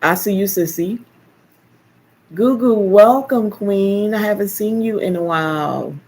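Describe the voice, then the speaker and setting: An older woman hosting a casual live stream, chatting and telling animated stories with playful teasing. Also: medium pitch, measured pace. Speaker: live stream host, caregiver. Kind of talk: casual chat.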